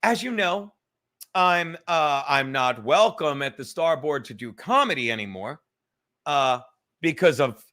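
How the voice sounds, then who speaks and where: A fairly high-pitched man with a bright, tense edge to his voice, hosting a casual livestream from home. He rambles loosely and swears freely, joking as he goes. The talk feels offhand and unscripted. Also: lively intonation, measured pace. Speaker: comedian and livestream podcast host. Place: at home in a cluttered room.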